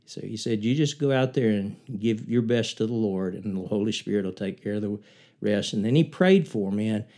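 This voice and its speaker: A man's voice: a little fast, warm tone. An older man, a former missionary preacher, speaking earnestly as he reflects on preaching and retells a Bible story. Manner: earnest, rising in pitch and force as he retells the story.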